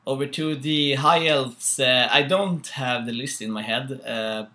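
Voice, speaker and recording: A young Swedish man with a Swedish accent, casually co-hosting a tabletop battle report, halting and full of fillers. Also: medium pitch, pushed and bright. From Sweden. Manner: halting, many fillers, laughs at own jokes. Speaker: co-host.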